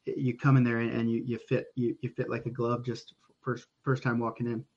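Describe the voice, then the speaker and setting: A man's voice: medium pitch, completely flat delivery, a little fast, darkish tone. Podcast guest, man from Oklahoma, chatty and rambling, recorded on a dull lo-fi mic. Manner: rambling, frequent restarts, swears casually. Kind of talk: casual storytelling.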